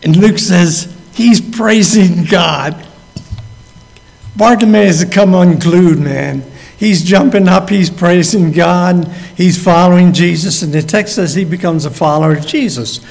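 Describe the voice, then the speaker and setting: Man, pastor, sermon, unhurried delivery, long hall reverb. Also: sits high, creaky, darkish tone. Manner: acts out the quoted speakers as he tells the story.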